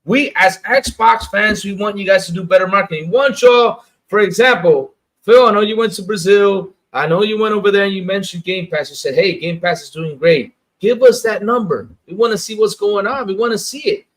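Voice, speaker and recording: High-voiced man ranting on a gaming stream. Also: brisk, few pauses. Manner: animated, emphatic, repeats phrases. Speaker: gaming show host. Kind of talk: casual livestream commentary. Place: lives in the Dominican Republic.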